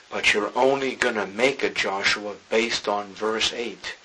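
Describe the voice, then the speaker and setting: A man's voice: on the low side, measured pace, hardly any pauses, pushed and bright, slight background noise, low-quality recording. A male pastor preaching a sermon, reading scripture and acting out its dialogue dramatically.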